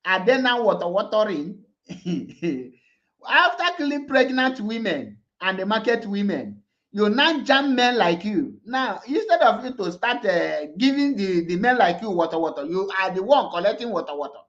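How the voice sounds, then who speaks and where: A man's voice: sits high, very animated, normal speed, a bit bright. A Nigerian-accented man giving mocking commentary, laughing and taunting, repeating words over and over. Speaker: online commentator. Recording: dull lo-fi sound.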